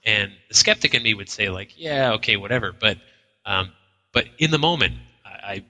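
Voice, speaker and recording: A man's voice: on the low side, animated, normal speed, bright, forceful tone, in a large hall, low-quality recording. A man co-hosting a live paranormal radio show, telling stories with acted-out quotes and lots of restarts. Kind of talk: casual on-air chat. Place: inn function room at a live broadcast.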